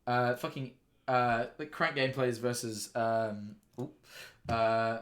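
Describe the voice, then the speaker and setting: A young man streaming casually, reacting excitably and rambling through stories with restarts and swearing. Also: mid-range voice, takes it slowly.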